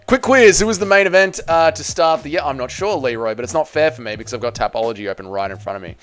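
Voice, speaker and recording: A man's voice: medium pitch, animated, fast, fairly bright tone. A young man, chatting casually on a live stream, reading viewers' messages aloud and answering them.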